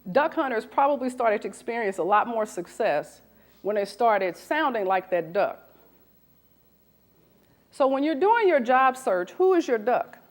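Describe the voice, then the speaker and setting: Animated woman recruiter in her forties. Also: fairly high pitch. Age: 40s. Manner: animated, asks the audience questions. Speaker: recruiter giving a talk. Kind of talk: lively presentation to an audience.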